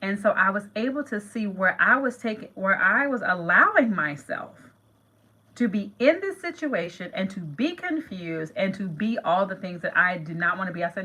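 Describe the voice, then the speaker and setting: Bright-sounding middle-aged woman, chatty and emphatic, keeps repeating herself. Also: mid-range voice, sing-song, normal speed, breathy edge, low-quality recording. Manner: chatty, emphatic, repeats phrases, addresses viewers as "you guys". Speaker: manifestation channel host. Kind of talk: casual talk to camera.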